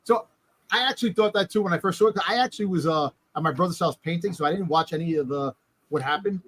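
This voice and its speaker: Rambling man, slightly high voice. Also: fast, a bit bright. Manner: rambling, restarts sentences. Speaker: podcast co-host. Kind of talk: casual chat.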